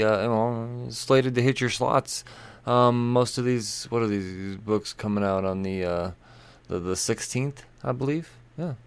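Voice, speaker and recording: A man's voice: on the low side, clear, resonant tone, dry recording. A man hosting a comics podcast in a casual, rambling way, joking with himself and restarting lines. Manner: rambling, self-amused, with restarts. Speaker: podcast host. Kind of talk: casual podcast chat and ad reads.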